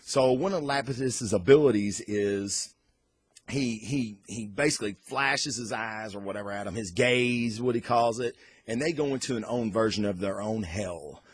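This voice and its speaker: A man reviewing comic books in a relaxed vlog, his voice sitting on the low side. He talks with loose, excitable energy and lets the odd curse slip. The sound is dry and close, with no room around it. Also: moderate pace, breathy edge, dry recording. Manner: excitable, casual, curses freely. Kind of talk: casual unboxing and review vlog.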